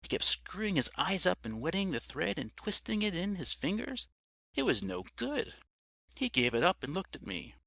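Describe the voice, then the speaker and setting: Bright, gravelly male audiobook narrator. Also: sits high, moderate pace, no room sound. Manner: expressive storytelling, addressing the listener as sir.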